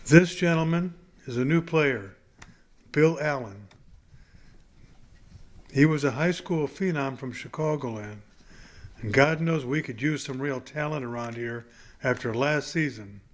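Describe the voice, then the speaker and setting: A commanding male ball club manager who talks loudly and firmly to his whole locker room, as a man reads his lines aloud. His voice sits at an ordinary pitch, plain and unhurried. The manager is heard in a storybook reading. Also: lightly acted. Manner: loud, bossy.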